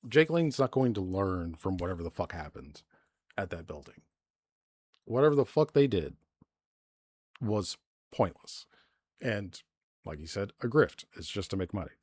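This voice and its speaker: Profane, exasperated male streamer, low dry voice. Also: darkish tone, husky, dry recording. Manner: exasperated, heavily profane ranting; loose and conversational, with many fillers. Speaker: livestreamer. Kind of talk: live-stream news commentary rant.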